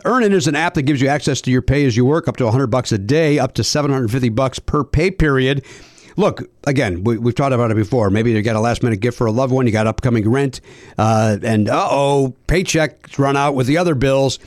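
A man's voice: mid-range voice, a little fast, darkish tone, no room sound, studio quality. A man hosting a podcast, doing ad reads with playful, teasing banter. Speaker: podcast host. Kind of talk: ad read with banter.

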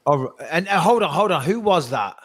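A man co-hosting a podcast, giving fight picks in animated, teasing casual chat with emphatic repetition. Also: high voice, moderate pace. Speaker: podcast co-host and fight pundit.

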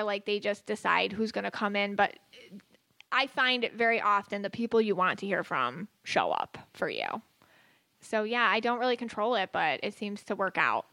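A woman co-hosting a podcast as a psychic, chatting casually and telling stories in an animated way with frequent laughter. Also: on the high side, dry recording. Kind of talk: casual chat and storytelling.

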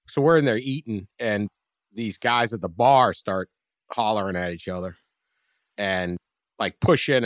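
A man with a fairly low voice recorded close on a dead, dry mic. He tells a personal anecdote in loose, rambling podcast chat, building energy toward the funny bits. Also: a bit bright, no echo. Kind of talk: casual storytelling on a podcast.

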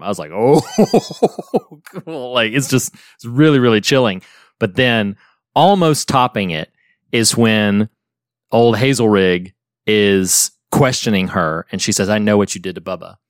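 On the low side in pitch, this man co-hosts a podcast and talks casually about a horror film, with plenty of fillers and restarts. The recording is dry and studio quality.

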